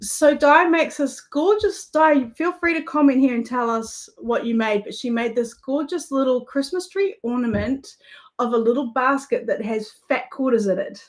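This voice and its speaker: A woman with a New Zealand accent and a voice that sits high hosts a craft livestream, speaking at a moderate pace. She chats casually with viewers as she crafts and laughs easily.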